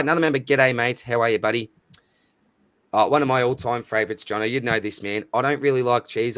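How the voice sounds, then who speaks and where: A man's voice: mid-range voice, a bit bright, no echo. A man with an Australian accent hosting a live stream in casual chat, matey and chatty as he reads out viewer names. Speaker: livestream host.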